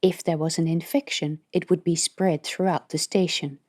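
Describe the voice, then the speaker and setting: A woman reading an audiobook as narrator, in steady scripted narration. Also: deep voice, moderate pace.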